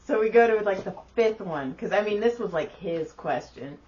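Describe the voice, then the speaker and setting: A woman spins childhood stories on a casual podcast, animated and freely swearing, laughing along the way. She sits back from the mic, and the sound is dull and lo-fi. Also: mid-range voice, normal speed, recorded from a distance. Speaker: podcast co-host. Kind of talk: casual storytelling chat.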